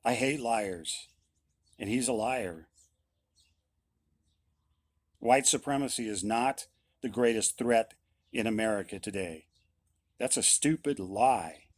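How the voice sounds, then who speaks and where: A man's voice: on the low side, unhurried, no echo. Blunt, insistent man, dry sound. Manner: blunt, insistent, repeats his points. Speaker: musician. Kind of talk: opinion monologue.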